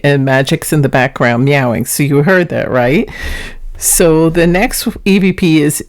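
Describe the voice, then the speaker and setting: A middle-aged woman speaks in a casual, chatty way as she hosts her own paranormal vlog. Her voice sits a little low, and she talks to viewers like she is sharing clips with friends. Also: moderate pace, darkish tone. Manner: chatty, introduces recordings.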